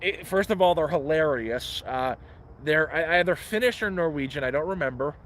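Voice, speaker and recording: A man's voice: a little high, expressive, moderate pace, fairly bright tone, a little hiss or hum. A man hosting a casual live stream outdoors in the woods, giving frank, profane advice, talking into a phone as he walks around his camp. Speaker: livestream host living outdoors.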